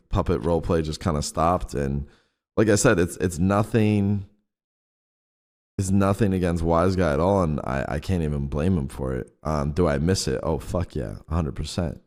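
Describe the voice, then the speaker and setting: A young man with a very low, deep voice talks in a loose, rambling way. He swears freely and leans on fillers as he goes. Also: normal speed, a little mellow. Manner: laid-back, rambling, swears a lot, heavy fillers. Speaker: streamer and roleplay group leader. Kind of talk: casual out-of-character chat.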